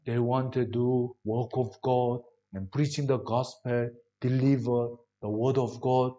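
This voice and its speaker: Slow-preaching man in broken English. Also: mid-range voice, muffled recording. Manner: broken English, rhetorical questions to the congregation; swings between loud emphasis and soft drops. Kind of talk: sermon.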